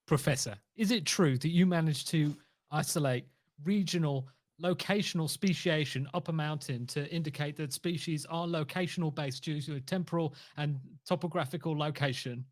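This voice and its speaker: A man at a tabletop game, eager and earnest, asking long questions like a starstruck fan. His voice sits slightly high. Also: moderate pace. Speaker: player. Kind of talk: in-character tabletop role-play.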